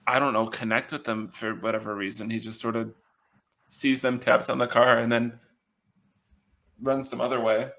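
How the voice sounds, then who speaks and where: A man with a gravelly, fry-touched voice chats casually as a podcast co-host. He talks haltingly, filling gaps with ums and uhs, and keeps his humor dry and wry. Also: medium pitch, level tone, a bit bright. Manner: hesitant, full of ums and uhs.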